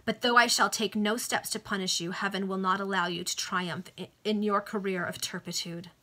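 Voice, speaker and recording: A woman's voice: medium pitch, steady tone, moderate pace, sharp tone. A woman reading the part of an earnest young man who speaks in a solemn, impassioned way.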